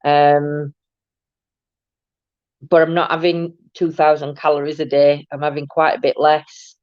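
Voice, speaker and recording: A woman's voice: low voice, little pitch movement, a little slow, no room sound, muffled recording. A woman hosting a casual live morning chat from her home, rambling on and greeting viewers by name. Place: at home, indoors.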